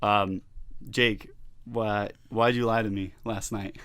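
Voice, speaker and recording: A man's voice: fairly low pitch, steady tone, slow pace, a bit bright, dry recording. A young man co-hosting a casual podcast, rambling and teasing, laughing often. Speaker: podcast co-host. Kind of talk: casual chat.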